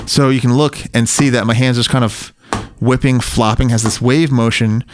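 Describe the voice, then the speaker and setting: A man teaching drum technique in a recording studio, counting beats out loud in an easygoing way as he plays. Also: medium pitch, moderate pace, noisy background. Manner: relaxed, counts beats aloud while playing. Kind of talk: instructional demonstration with counting. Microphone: studio mic near the drum kit.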